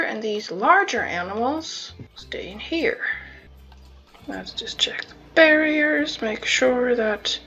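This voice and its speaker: A woman hosting a gameplay video comments casually while building a zoo, wry and self-mocking, chatting to the animals on screen. Her voice is on the high side and fairly bright, and the recording is dull and lo-fi with faint music.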